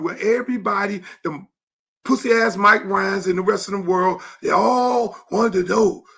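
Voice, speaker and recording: A middle-aged man, hosting his show and ranting angrily about a coach in a profane monologue that rises into shouts. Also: high voice. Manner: angry, profane, rising to shouts. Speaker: show host and youth football coach. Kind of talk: heated monologue.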